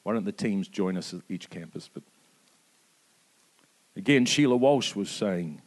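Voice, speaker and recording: A man, preaching a sermon with impassioned emphasis that rises to peaks and drops soft. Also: fairly low pitch, expressive, unhurried, long pauses. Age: 50s. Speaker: pastor.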